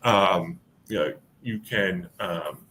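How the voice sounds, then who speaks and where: A man's voice: sits low, slow, pushed and bright, slight background noise. A man running a tabletop game as game master, narrating with many fillers and restarts.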